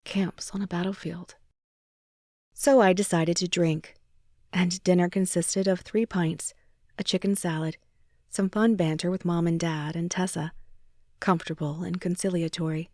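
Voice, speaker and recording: A woman's voice: fairly low pitch, steady tone, normal speed, a little mellow, no room sound, clean studio sound. A woman narrating a first-person romance audiobook in an intimate way, sometimes dropping to a whisper.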